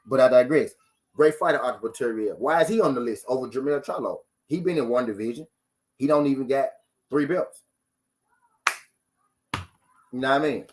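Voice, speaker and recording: Man, live-stream boxing talk host, casual rant, profane, repetitive rhetorical questions, mid-range voice. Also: medium pitch. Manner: profane, repeats lines for emphasis, fires rhetorical questions.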